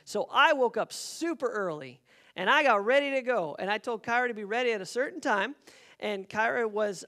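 Guy pastor telling a story in church, lively, acts out the voices. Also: high voice. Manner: animated storytelling with acted-out quotes. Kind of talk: sermon storytelling. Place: church sanctuary.

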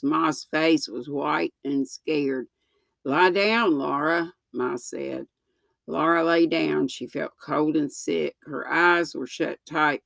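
A woman in her sixties reading a children's book aloud, slow and gentle, with small slips that she corrects. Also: sits low, gravelly, dry recording. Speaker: storyteller.

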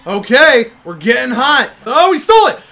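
Young male gaming host with a high, bright voice; excitable play-by-play of his own match. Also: measured pace. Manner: excitable, shouts at big plays, groans at misses. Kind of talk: live gameplay commentary.

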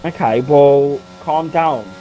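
A British man giving casual live commentary on an online racing league, chatty and teasing, jumping into excited shouts. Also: a little high, slow pace, muffled recording. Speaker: race commentator.

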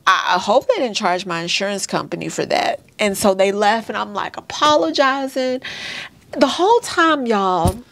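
A woman's voice: mid-range voice, expressive, moderate pace, gravelly, a bit bright. A woman in her thirties telling a painful personal birth story straight to her viewers, earnest and candid. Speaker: vlogger sharing a birth story.

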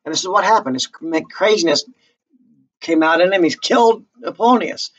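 A man's voice: high voice, expressive, fairly quick, fairly bright tone, lo-fi sound. A man casually explaining a play to his class, chatty and loose, breaking into short dramatic readings of the lines. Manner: chatty, slips into character voices.

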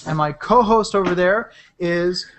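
A man's voice: sits high, a little slow, background noise. A man co-hosting a comedy podcast, playful and goofy in his openers. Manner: playful, goofy, slips into bits. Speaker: podcast co-host.

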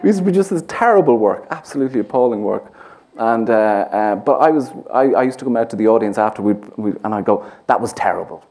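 Speaking quickly and expressively in a mid-range, dark voice, a Dublin-accented playwright guest rambles through an onstage conversation, poking fun at himself and using many fillers in front of a theatre audience.

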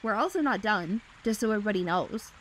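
A woman's voice: mid-range voice, expressive, fast talker. A woman streaming a game, reacting with upset, swearing commentary. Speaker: gaming streamer. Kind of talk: let's play commentary. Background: loud game music.

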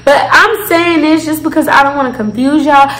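High, animated woman telling a story. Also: normal speed, roomy sound, poor audio. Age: 20s. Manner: animated, profane, talks straight to viewers. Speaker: vlogger. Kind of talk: casual storytime.

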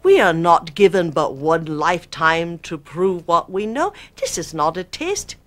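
A woman playing a solemn ancient male spirit teacher; put-on British accent, low-pitched, unhurried declarations. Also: lively intonation. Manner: slow, stately pronouncements. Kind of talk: channeling performance.

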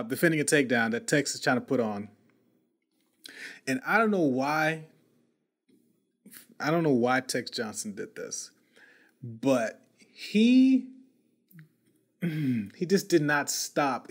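A man's voice: medium pitch, big pitch swings, measured pace, long pauses, fairly bright tone. A male podcast host telling a story in casual, slangy talk, often repeating and restarting words.

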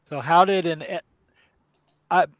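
A man with a fairly high voice plays a tabletop game and keeps asking the game master rules questions. His mic sounds dull and lo-fi, with no room sound at all. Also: no room sound. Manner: questioning, quick to agree. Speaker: player. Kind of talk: casual tabletop game chat.

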